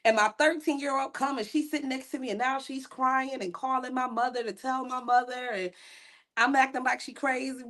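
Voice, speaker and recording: A woman's voice: high-pitched, steady tone, a little fast, a bit bright. A woman guest on a podcast, sharing a candid personal faith testimony in an earnest, storytelling way with casual asides.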